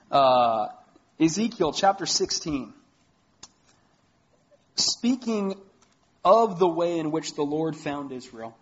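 A pastor with a northern US accent preaching a sermon in an earnest, emphatic way, reading scripture aloud. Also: male voice, fairly high pitch, dull audio.

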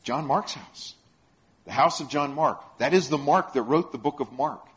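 A man with a mid-range, fairly bright voice preaches at a moderate pace, retelling stories and asking the congregation questions. The recording has a dull, lo-fi sound.

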